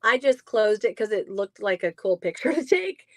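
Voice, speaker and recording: A woman's voice: mid-range voice, very animated, moderate pace, dry recording. A woman who owns a haunted house, chatting casually in an interview with many ums and frequent laughs.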